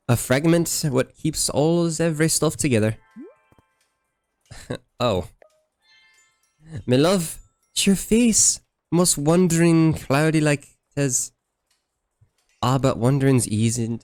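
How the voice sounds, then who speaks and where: A man's voice: fairly high pitch, a little mellow, no echo, studio quality, voice pushed up. A man voicing a whimsical, quaint woman from an ancient forest home, speaking in old-fashioned, broken, poetic phrases with a sing-song lilt.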